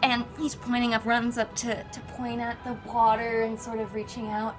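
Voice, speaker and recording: A woman's voice: fairly high pitch, completely flat delivery, moderate pace, over music. Chatty woman running a tabletop game. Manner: chatty, many fillers and restarts. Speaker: game master.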